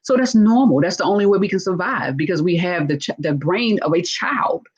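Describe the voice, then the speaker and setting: A woman hosting a live casual teaching talk, animated and acting out what people say, with frequent checks of "right?". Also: fairly low pitch, a little fast, breathy edge, dull audio. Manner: animated, acts out quoted speech, frequent "right?". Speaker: host discussing narcissistic relationships.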